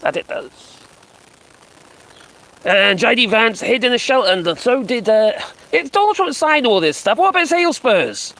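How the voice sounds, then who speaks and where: A man's voice: very high voice, sing-song, moderate pace, bright, forceful tone, rough recording. A man doing casual live-stream commentary on his phone, mocking and sarcastic, swearing and chuckling as he reacts.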